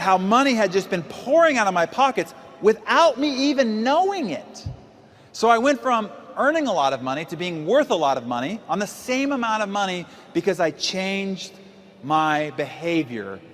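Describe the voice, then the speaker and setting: A man's voice: high voice, expressive, moderate pace, a bit bright, long reverb tail. A man in his forties gives a seminar talk as a motivational speaker, emphatic and full of rhetorical questions. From United States. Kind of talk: seminar talk to a live audience.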